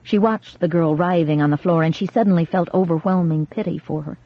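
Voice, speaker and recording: An audiobook narrator giving steady, measured scripted horror narration. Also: medium pitch, no echo. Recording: dull lo-fi dry recording.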